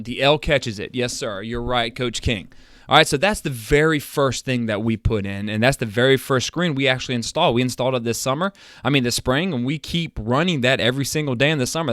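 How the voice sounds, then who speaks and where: Energetic football coach, dry close sound. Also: male voice, medium pitch, no echo. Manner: energetic, emphatic, talks himself into near-yelling. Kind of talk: chalk-talk lesson on a live stream. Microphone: seated at a webcam.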